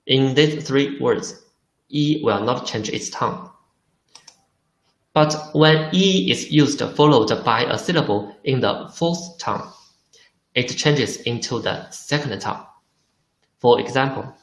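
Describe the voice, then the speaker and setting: A man teaching a beginner Chinese lesson in English, speaking slowly and repeating each word while asking the learners questions. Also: medium pitch, roomy sound. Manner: slow and deliberate, repeating words, asks the learners questions. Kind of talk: slow spoken language lesson.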